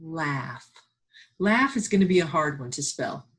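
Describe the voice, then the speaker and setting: A woman teacher giving a remote phonics and spelling lesson, slowly sounding out letters and words and encouraging her absent students. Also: fairly low pitch, big pitch swings, breathy edge.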